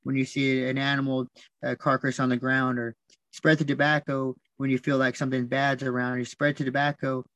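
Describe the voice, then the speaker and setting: A man talking as a podcast guest, telling stories in a soft, reflective way, repeating words and restarting often. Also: mid-range voice, little pitch movement, fairly quick, no echo, muffled recording. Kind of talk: reflective storytelling.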